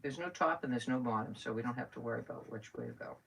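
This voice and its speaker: A woman's voice: rumbling low, quick pace, gravelly, a bit bright, a little hiss or hum. A middle-aged woman hosting a live crafting stream, chatting and thinking aloud as she works. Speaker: craft host. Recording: distant from the mic.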